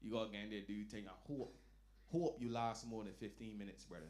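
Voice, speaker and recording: A man performing a stand-up comedy set, telling loud, animated stories and dropping into low asides. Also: fast. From Barbados. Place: lounge comedy night.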